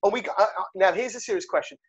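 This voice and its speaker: A man's voice: high voice, racing, husky. A man hosting a rugby podcast, joking and rambling with lots of fillers. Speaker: podcast host. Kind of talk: casual rugby chat. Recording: dull lo-fi sound.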